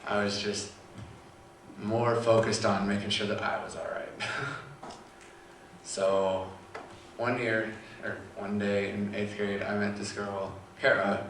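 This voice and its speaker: A young man with a low, flat voice tells a personal story haltingly, pausing often. He sounds far from the mic in a very echoey room with faint background noise. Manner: halting, quiet storytelling with long pauses. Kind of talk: personal testimony.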